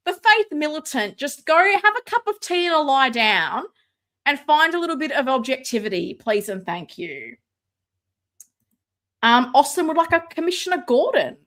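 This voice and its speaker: A woman hosting a live stream from home, chatting casually, excitable and sarcastic, sometimes shouting. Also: sits high, normal speed. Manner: excitable, sarcastic, loud at times. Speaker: livestream host. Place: home room with ring light. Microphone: no mic close by, computer setup.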